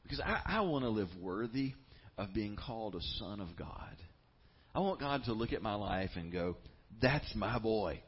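Guy preaching a sermon, low husky voice, earnest and emphatic, kinda dull lo-fi sound. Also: lively intonation, normal speed. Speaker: pastor.

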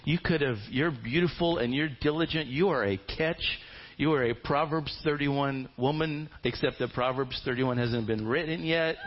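A man's voice: medium pitch, moderate pace, voice pushed up, lightly acted. A man voicing an older, humble and gracious landowner who gushes with praise, on a dull lo-fi recording. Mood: gushing.

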